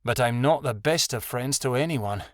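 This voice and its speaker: A man's voice: mid-range voice, moderate pace, no echo, studio quality, natural voice. A man doing an earnest young she-wolf. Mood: gentle. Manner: earnest and urgent.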